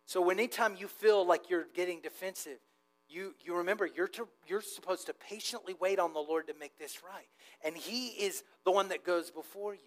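A male pastor preaching a sermon, moving between hushed asides and loud emphatic build-ups. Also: high voice, moderate pace, rough recording.

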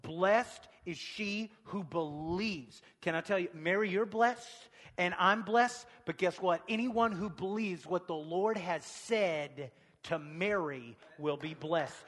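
A man preaching a sermon, swinging from hushed near-whispers to shouted passages. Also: high voice, slow pace, in a large hall.

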